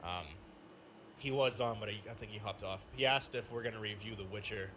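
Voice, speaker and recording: A man co-hosting a gaming podcast, telling a story in casual chat, animated and swearing freely. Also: lowish voice, a little fast, a little hiss or hum. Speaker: podcast co-host.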